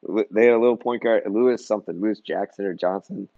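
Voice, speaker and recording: A young adult man, a basketball coach, telling animated stories in a casual interview and acting out quoted dialogue. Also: on the low side, fast talker, dry recording, muffled recording. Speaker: junior college head coach, guest.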